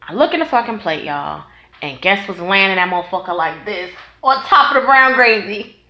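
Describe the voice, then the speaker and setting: Woman vlogger, lively and bright, foul-mouthed storyteller, roomy echo. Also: medium pitch, moderate pace. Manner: animated, profane, laughing storytelling. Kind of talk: casual storytime. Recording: echoey room.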